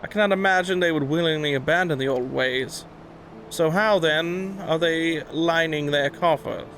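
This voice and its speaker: A man voicing a shrewd, dryly formal male pirate captain from a video game, in measured, old-fashioned speech. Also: on the high side, a bit bright, a little hiss or hum. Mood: wry. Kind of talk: reading game dialogue aloud.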